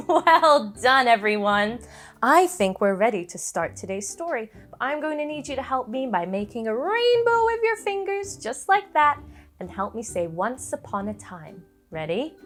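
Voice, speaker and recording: A woman's voice: high voice, very animated, moderate pace, fairly bright tone, faint music behind. A young woman telling a story to children, coaxing them to join in with gasps and playful animal noises.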